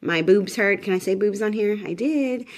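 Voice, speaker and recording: In a pregnancy update vlog, a woman in her thirties chats casually to the camera in a mid-range voice at a normal speed. She rambles, full of fillers and restarts, sounding tired and a little shaky.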